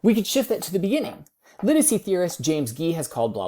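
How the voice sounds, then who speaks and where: Woman instructor with a low, mellow voice for a laid-back recorded writing lesson. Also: sing-song, quick pace. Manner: casual, explanatory, self-correcting. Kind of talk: recorded lecture over slides.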